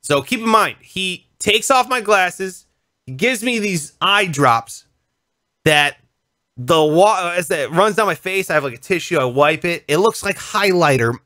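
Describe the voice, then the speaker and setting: A male radio host in casual conversation, telling a story in an animated way and acting out voices and sounds. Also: sits high, measured pace, dry recording, studio quality. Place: radio studio.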